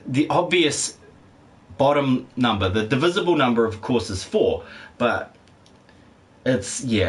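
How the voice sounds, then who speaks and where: A man's voice: medium pitch, a bit bright. A man with a condescending-sounding tone, rambling casually and swearing while live-streaming a game and reading out chat. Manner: rambling, laid-back, swears freely, laughs often. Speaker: livestreaming gamer.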